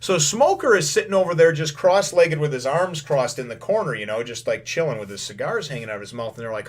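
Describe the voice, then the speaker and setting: A man's voice: fairly high pitch, animated. Rambling man recapping a manga chapter. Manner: rambling, full of filler phrases; acts out lines in quick paraphrase. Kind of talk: casual first-impressions recap.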